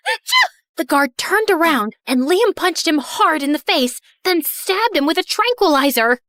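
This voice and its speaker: A young woman narrating her own animated story in first person, bubbly and playful. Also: high-pitched, normal speed, dry recording.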